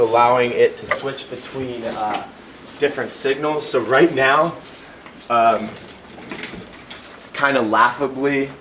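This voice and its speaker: A young man giving a student class presentation and demo in a casual, hesitant way, full of fillers. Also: medium pitch. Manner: casual, hesitant, many fillers, chuckles at glitches. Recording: distant mic with clear background noise.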